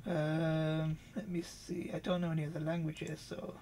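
A man reviewing software in a casual, off-the-cuff demo, thinking aloud with quick asides. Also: on the high side, little pitch movement, slight background noise. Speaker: product reviewer.

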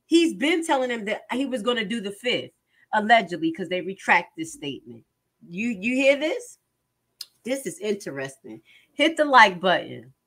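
A woman's voice: mid-range voice, big pitch swings, moderate pace, fairly bright tone. A woman commentator reading out court transcripts and reacting to them with emphatic rhetorical questions. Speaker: online commentator.

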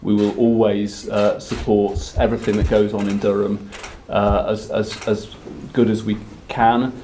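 A man's voice: on the low side, flat delivery, unhurried, warm tone, a little hiss or hum. A man speaking for the local council at a press conference, hesitant and full of fillers. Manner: hesitant, many fillers, repeats words. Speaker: council representative. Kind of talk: formal press statement.

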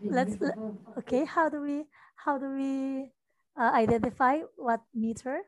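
In an online tutoring lesson, a high-pitched woman teaches English at an unhurried, deliberate pace, patiently repeating lines to show where the stress falls. Her voice sounds close and dry, with no room sound around it.

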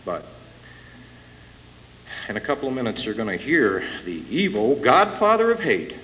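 A man's voice: medium pitch, huge pitch swings, normal speed. A man emceeing a conference, introducing the keynote speaker with rising emotion. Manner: emotional, building to loud announcements. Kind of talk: impassioned rally introduction. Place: conference hall with a live audience. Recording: echoey hall from far off, hissy tape.

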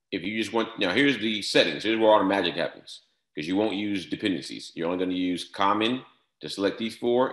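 A man giving a step-by-step software tutorial, repeating short instructions and filling pauses with "all right". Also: sits low, roomy sound. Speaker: software trainer. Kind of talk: screen-share tutorial walkthrough.

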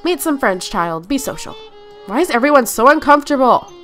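Young woman gamer, kinda stuffy nose, chatty lets play talk, slightly high voice. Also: lively intonation, a little fast, fairly bright tone, soft background music. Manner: chatty, talks to her game characters. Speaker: gaming YouTuber. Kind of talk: casual Let's Play commentary.

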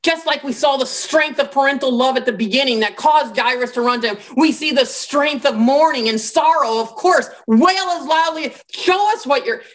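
A woman gives a relaxed Bible lecture. Her voice sits a little high, and she tells the story with lively energy, dropping in casual asides along the way. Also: moderate pace, hardly any pauses. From American Midwest.

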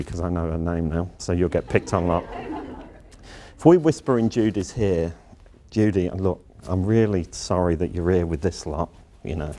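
A man's voice: on the low side, warm tone. A middle-aged man giving a workplace lecture as a university leader, emphatic and blunt, repeating his key phrases.

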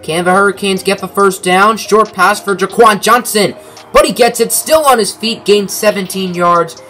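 A man's voice: high voice, moderate pace, bright, forceful tone, faint music behind. A young man narrating a football video game in mock sportscaster play-by-play, with dry asides. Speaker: gaming commentator.

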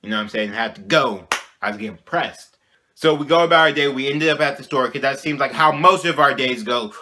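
A young man telling a childhood story in a casual vlog, animated and slangy, often checking in with "you know what I'm saying". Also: mid-range voice, a little fast, slight background noise. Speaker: vlogger.

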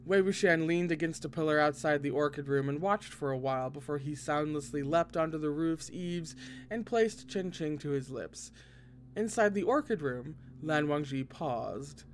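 A man's voice: on the high side, moderate pace, slight background noise. Man reading a novel aloud. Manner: expressive, breaks in with excited asides. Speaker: podcast reader.

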